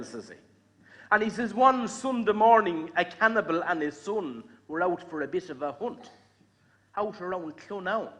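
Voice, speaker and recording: A man's voice: high voice, expressive, normal speed, pushed and bright, some chatter behind. An Irish man from the Midlands telling folksy jokes over a video call, chuckling at his own punchlines. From Ireland. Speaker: amateur comedian. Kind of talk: storytelling jokes.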